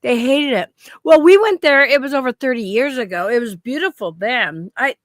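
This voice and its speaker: Chatty woman with a bright, dry voice. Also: high voice, lively intonation, moderate pace, no room sound. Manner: rambling storyteller, laughs often. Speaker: stream co-host. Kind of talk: casual chat.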